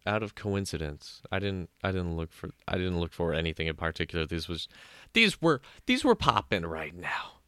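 A man's voice: deep voice, sing-song, moderate pace, fairly bright tone, clear, resonant tone, no echo. A man hosting a podcast alone, riffing sarcastically in a casual comedic monologue and acting out bits in put-on voices. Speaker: podcast host.

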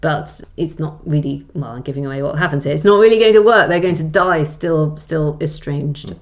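A woman historian, a guest in an interview, telling history in a vivid, emphatic way with sudden jumps in pitch. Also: normal speed. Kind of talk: conversational storytelling in an interview.

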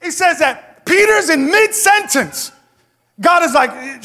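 A man with a bright, high voice preaches a sermon, emphatic and conversational, turning often to the congregation. His voice rings out with a long reverb off the walls of a large church hall. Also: animated, slow.

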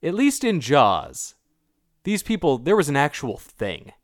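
Man telling animated stories, dry sound. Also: a little high, a little slow, dry recording. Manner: animated storyteller, mimics voices in anecdotes. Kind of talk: casual podcast chat about a film.

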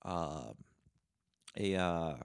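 A man's voice: low voice, very slow, creaky, smooth. A young man from Canada hosting a podcast, delivering a sarcastic, profane solo rant. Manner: sarcastic, profane, animated ranting. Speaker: podcast host.

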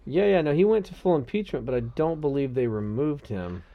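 Male podcast co-host, mid-pitched, casual and rambling, quick to laugh. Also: lo-fi sound. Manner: rambling, laughs often, loud bursts of excitement. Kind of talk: casual chat.

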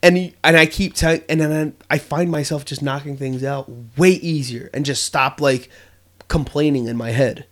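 A man's voice: on the high side, steady tone, moderate pace, a bit bright. Earnest young man talking on a podcast. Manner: earnest, reflective, many fillers and restarts. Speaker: podcast co-host. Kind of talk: casual podcast conversation.

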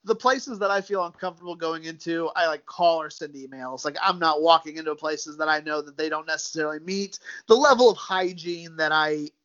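A man's voice: fairly high pitch, brisk, few pauses, pushed and bright. A man talking casually as a guest, easygoing and given to repeating words, calling the host dude and man. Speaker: sports podcaster guest. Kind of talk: casual chat. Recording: slightly dull lo-fi sound.

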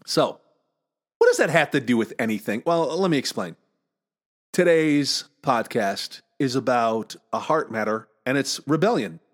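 A man's voice: medium pitch, expressive, a little slow. A middle-aged man hosting a solo podcast, telling stories in a chatty way with many fillers and restarts. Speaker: podcast host. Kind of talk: casual solo podcast monologue.

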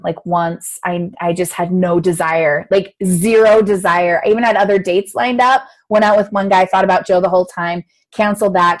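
A woman in her thirties, from the United States, telling her own life story as an interview guest, often acting out her younger self with big swings in voice. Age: 30s. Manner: animated, acts out her own past voice with big pitch jumps. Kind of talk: casual personal interview storytelling.

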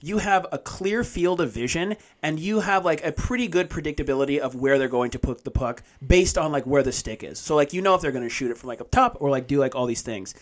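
Rambling, slightly high-voiced podcast guy. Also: animated, brisk, few pauses. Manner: rambling with many fillers, swears. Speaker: podcast co-host. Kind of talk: casual chat.

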